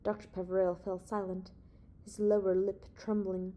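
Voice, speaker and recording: A woman reads audiobook narration in a steady, even manner. Her tone is warm and mellow, unhurried between the spoken lines. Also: mid-range voice.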